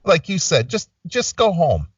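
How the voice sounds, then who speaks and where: A man's voice: a little high, huge pitch swings, unhurried, no echo, distant mic, muffled recording. A man co-hosting a casual talk show, rambling and swearing as he tells a story. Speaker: podcast co-host. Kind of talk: casual profane chat.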